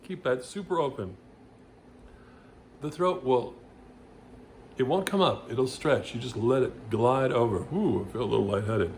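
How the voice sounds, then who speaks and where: A man's voice: medium pitch, measured pace, long pauses, slight background noise. Rambling man coaching voice exercises. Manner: rambling, with many restarts and loud sung vowel demos. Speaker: vocal coach. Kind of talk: casual vocal lesson with demonstrations.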